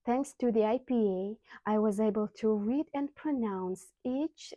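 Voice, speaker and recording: A woman who is not a native English speaker, teaching English vocabulary in a scripted lesson with slow, careful enunciation of example sounds. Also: fairly high pitch, warm tone, no echo, muffled recording.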